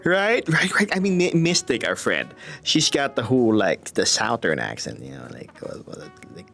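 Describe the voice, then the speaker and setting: A male streamer talking casually to his chat. His voice leaps up and down in pitch as he jokes, laughs and sometimes slips into a whisper. Faint music plays underneath. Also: moderate pace, vocal fry. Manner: animated, playful, laughing often, jokey whispers.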